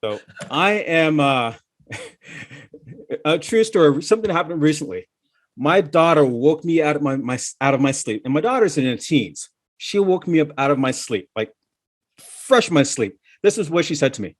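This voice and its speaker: A man's voice: a little high, lively intonation, normal speed. A middle-aged man from Chicago doing a stand-up comedy set in a comedy club, talking loosely with stumbling restarts and laughing at his own jokes. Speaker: stand-up comic.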